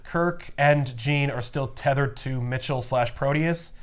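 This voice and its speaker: A man co-hosting a casual comic book chat, animated and often acting out characters in quick bursts. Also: mid-range voice. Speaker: podcast co-host.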